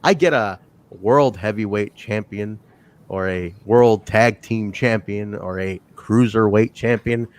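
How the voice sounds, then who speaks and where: A man co-hosting a wrestling review podcast in casual chat, teasing the others and laughing often. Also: fairly low pitch. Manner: animated, teasing, quick to laugh. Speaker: podcast co-host.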